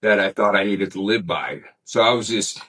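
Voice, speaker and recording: A man's voice: fairly low pitch, normal speed, pushed and bright, rough recording. A middle-aged man telling a story as an interview guest in casual, rambling talk, swearing freely and saying "man" often. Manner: rambling, laid-back, peppered with "man" and swearing.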